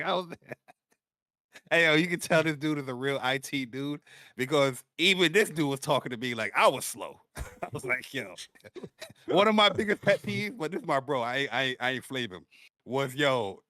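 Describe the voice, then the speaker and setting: A man co-hosting a casual gaming podcast, telling stories in an animated way and acting out what his friends said. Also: mid-range voice, dry recording, clean studio sound. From New York. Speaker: podcast co-host.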